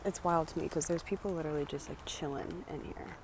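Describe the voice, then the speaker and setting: A woman's voice: low voice, fairly even intonation, fast talker. A young woman vlogging outdoors, nervously chatty and self-aware, leaning on "like" and "literally" as she talks through her anxiety. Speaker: vlogger doing exposure therapy. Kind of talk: casual vlog talk to camera. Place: outdoors on a city street and in a graveyard. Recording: outdoor street noise with traffic.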